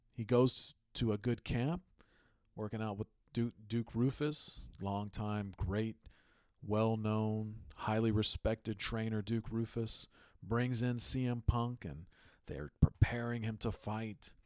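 A man's voice: lowish voice, no echo, studio quality. A man hosting a sports podcast, giving casual, emphatic commentary and telling stories with energy. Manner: animated, emphatic storytelling. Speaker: podcast host.

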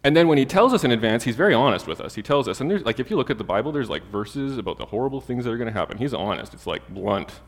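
A man's voice: medium pitch, quick pace, few pauses. Chatty male preacher in a reverberant hall. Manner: conversational and humorous, with lively asides and Bible readings. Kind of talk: sermon.

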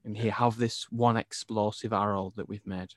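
Opinionated English film podcast co-host, low voice, dead-dry mic. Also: male voice, normal speed, dry recording. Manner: animated, opinionated, laughs easily. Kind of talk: casual film review chat.

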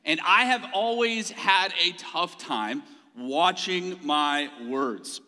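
A pastor with a higher, bright voice delivers a folksy, conversational sermon at an unhurried pace. His words ring out with the long reverb of a large church hall. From Mississippi. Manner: folksy, conversational preaching with personal stories.

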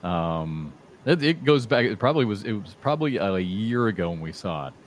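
A man from Iowa co-hosting a podcast, telling stories in an easygoing, halting way. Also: lowish voice, big pitch swings, slight background noise. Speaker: podcast co-host. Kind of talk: casual chat.

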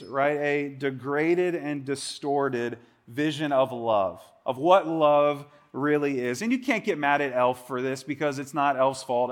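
A man in his forties preaching a sermon in a relaxed, conversational way, full of quick asides and rhetorical questions. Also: on the high side. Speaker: pastor.

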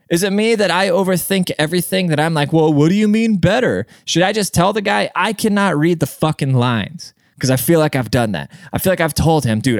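Young male podcast host, smooth dry voice, rambling cussing storyteller. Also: mid-range voice, no echo. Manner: rambling and profane, with frequent restarts and "dude". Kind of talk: casual storytelling monologue.

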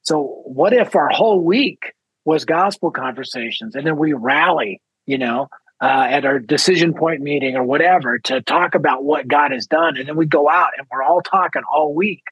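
A man telling a lively story as a guest speaker in an interview. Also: on the high side, husky, dry recording, highs cut off. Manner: energetic storyteller, quick and lively. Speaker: ministry founder and guest speaker.

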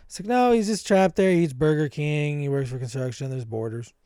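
A man's voice: a little high, expressive, warm tone, clear, resonant tone, dry recording. A man co-hosting a podcast in casual chat, asking follow-up questions and chiming in. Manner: quick interjections and follow-up questions. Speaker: podcast co-host.

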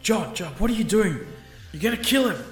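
Player with a mid-range voice, urgent and pleading, roomy echo. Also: male voice, high-pitched, lively intonation, normal speed, soft background music. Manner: urgent, pleading with his partner. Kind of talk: role-playing a character in a tabletop game.

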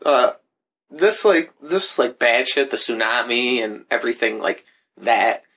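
A man's voice: medium pitch, lively intonation, measured pace, fairly bright tone. A man co-hosting a podcast in casual chat, rambling with lots of fillers and swearing freely. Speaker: podcast co-host.

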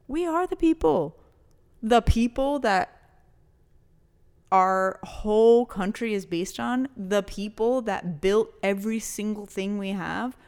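In a casual podcast conversation, a young woman co-host speaks with a smooth, medium-pitched voice. She's emphatic and passionate, swearing liberally and sprinkling in Spanish.

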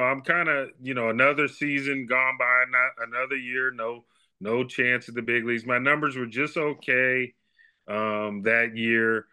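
Guest, man in his fifties, sharp and bright tone, chatty animated storyteller. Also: medium pitch, clean tone. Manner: animated storyteller, acts out quoted dialogue. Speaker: guest, baseball scout and former player. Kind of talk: casual storytelling interview.

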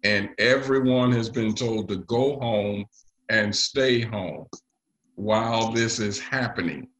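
A man preaching a sermon to his congregation, often pausing with fillers. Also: fairly low pitch, fairly bright tone, low-quality recording. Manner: leads the congregation in call and response; halting, with frequent pauses and fillers. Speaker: pastor.

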